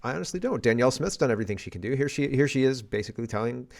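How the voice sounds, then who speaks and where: A man's voice: mid-range voice, lively intonation, racing, gravelly. A man from Canada giving a casual political rant, blunt and exasperated, with frequent restarts and sighs. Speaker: political commentator.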